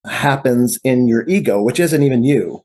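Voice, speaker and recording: A man's voice: medium pitch, expressive, normal speed, a little mellow, husky. A male physician guest in a podcast interview, explaining his ideas earnestly and often checking in with "right?". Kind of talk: conversational interview.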